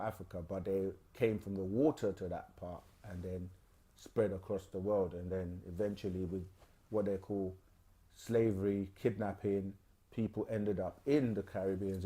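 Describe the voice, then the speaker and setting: A man hosting a live question-and-answer stream, explaining things in a loose, unhurried way with plenty of fillers. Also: sits low, dark tone. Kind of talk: casual explanatory talk.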